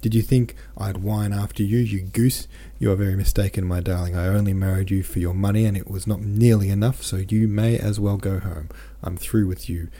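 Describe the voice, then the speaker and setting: A man's voice: lowish voice, steady tone, brisk, few pauses, mellow. A man voicing a desperate, theatrical husband in a novel, melodramatic and pleading. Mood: spiteful.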